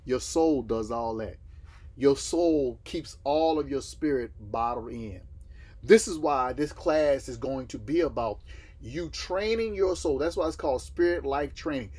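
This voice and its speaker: A man's voice: mid-range voice, lively intonation, unhurried, darkish tone, husky. A man from the States, teaching a Bible class and asking his listeners questions that he then answers himself. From Southern United States.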